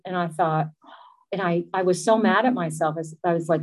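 A middle-aged woman giving a personal recovery testimony, speaking in an earnest, emotional, halting way. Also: on the low side, darkish tone.

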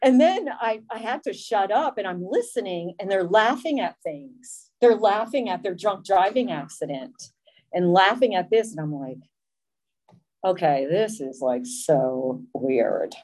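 A woman's voice: mid-range voice, animated, normal speed, a little mellow, poor audio. A woman giving a candid, self-deprecating personal testimony about her recovery. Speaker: speaker sharing a recovery story.

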